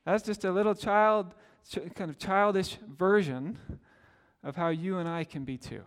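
A man's voice: high-pitched, measured pace, long reverb tail. A middle-aged man preaching a sermon, telling stories in a conversational way and acting out the quotes. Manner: storytelling, conversational with acted quotes. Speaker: pastor.

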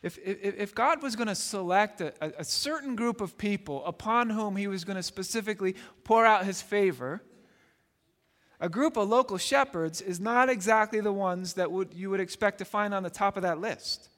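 A man's voice: high voice, moderate pace, a bit bright, big-room sound. A man preaching a sermon in a conversational way, often repeating words and asking "right?". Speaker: pastor.

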